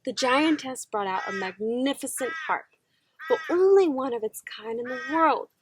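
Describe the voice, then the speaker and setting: A woman teacher reading a children's story aloud, slow, gentle and expressive. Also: sits high, noisy background.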